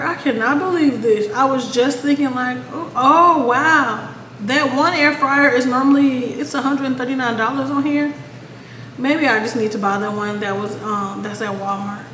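A woman vlogging at home, chatty and casual, talking straight to her viewers and cursing when annoyed. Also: high voice. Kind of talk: casual vlog chat. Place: apartment at home. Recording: echoey room with background noise.

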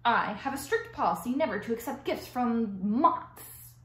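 A woman's voice: a little high, expressive, a little slow, a bit bright. A stubborn, grumbling male beaver, voiced by a woman reading aloud, muttering his complaints. The reading sounds roomy and a little echoey. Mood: grumpy. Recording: echoey room.

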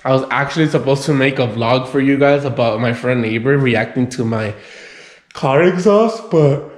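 A man's voice: moderate pace, echoey room. A young man casually vlogging to camera, sleepy and yawning, rambling with restarts. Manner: talking in a high coaxing voice to his dog.

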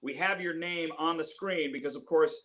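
A man's voice: fairly high pitch, normal speed, a bit bright. A middle-aged male radio host and comedian interviewing a fellow comic in a joking, teasing way. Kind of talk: casual interview chat.

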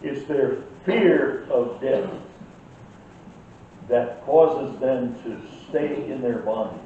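A man's voice: mid-range voice, takes it slowly, mellow, lo-fi sound, slight background noise. An older man teaching a church Sunday school class in an earnest way that gets worked up, heard from far off in an echoey room.

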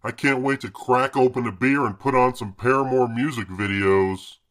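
A man's voice: medium pitch, steady tone, moderate pace, noisy background, natural voice. A man voicing a grumpy, foul-mouthed fish father in an adult cartoon, ranting and cursing in exasperation. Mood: furious.

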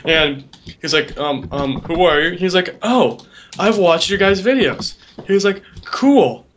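A man's voice: high voice, expressive, unhurried, a bit bright. A teenage boy rambling casually while gaming, telling a long story and trailing off with "I don't know.". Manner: rambling, trails off, retells stories with quoted voices. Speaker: gameplay co-host. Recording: dull lo-fi mic with clear background hiss.

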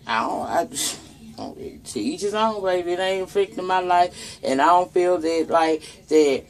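A woman's voice: lowish voice, lively intonation, a little slow. Chatty Southern woman vlogger, salty talk. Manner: chatty, profane, talks straight to viewers as "y'all". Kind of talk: casual commentary on news and gossip.

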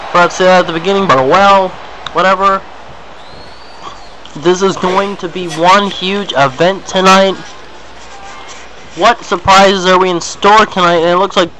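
A young man calling a wrestling match play-by-play, excitable and repetitive, with sudden yelps at big hits. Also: high-pitched, slight background noise, poor audio. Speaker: play-by-play announcer.

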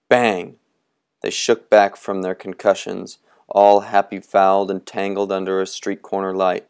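A man narrating a novel at an unhurried, measured pace. His voice is low and smooth. He leans into the atmosphere of each sentence. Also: monotone, a little mellow. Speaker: audiobook reader. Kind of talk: reading a novel aloud.

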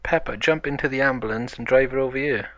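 A man's voice: mid-range voice, fast, fairly bright tone, no echo, highs cut off, voice pushed up, lightly acted. A man voicing a heroic male superhero in a toy-play story, eager and taking charge.

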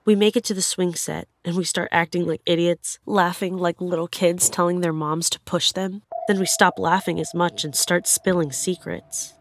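A woman's voice: lowish voice, fairly even intonation, normal speed, few pauses. A woman narrating her own scary experience in the first person, in an earnest, plain way. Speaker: storyteller.

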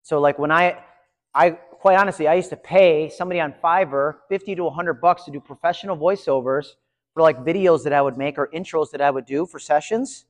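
A man giving a live conference session, chatty and energetic, talking to his audience. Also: a little high, fairly quick. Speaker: conference presenter. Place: large conference room. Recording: reverberant hall.

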